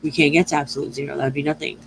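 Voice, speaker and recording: A woman's voice: sits low, little pitch movement, very fast, vocal fry, noisy background. A woman talking straight to her viewers in a loose, channeled astrology reading. She wanders from thought to thought, stumbles over her own phrasing and restarts it, and swears without a second thought. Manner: rambling, profane, self-correcting. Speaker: astrology and tarot reader.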